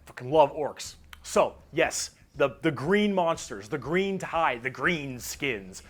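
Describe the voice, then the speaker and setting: An excitable man explains a tabletop war game with gusto, cursing often. His voice sits a little high for a man. He drops in quick bits of character mimicry along the way. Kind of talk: animated casual explanation.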